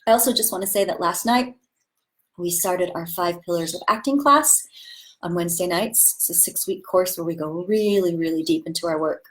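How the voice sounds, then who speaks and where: A woman's voice: fairly low pitch, moderate pace, poor audio. A woman acting teacher talking casually and with enthusiasm about voice training, demonstrating vowel sounds as she goes.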